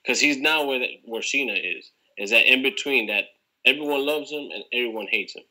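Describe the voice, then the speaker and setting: A man's voice: mid-range voice, fairly quick, sharp tone, poor audio. A man co-hosting a casual wrestling debate, emphatic and prone to repeating himself. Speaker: podcast co-host.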